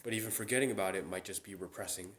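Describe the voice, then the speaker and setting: A man's voice: low-pitched, rapid-fire, slight background noise. A young man hosting a casual solo chat. He rambles, with many fillers and restarts. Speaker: podcast host. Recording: roomy echo.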